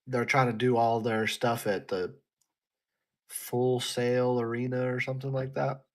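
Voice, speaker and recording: A man's voice: medium pitch, little pitch movement, unhurried, a little mellow. A man co-hosting a casual wrestling podcast, chatting in an offhand, joking way. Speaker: podcast co-host.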